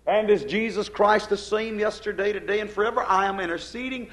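A man's voice: high-pitched, a little fast, fairly bright tone. An older man preaching a sermon, emphatic, with a rising and falling preaching cadence.

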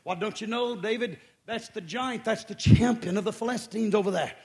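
Preacher playing trembling, hopeless soldiers. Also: male voice, high voice, moderate pace. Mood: fearful. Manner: hushed, fearful pleading.

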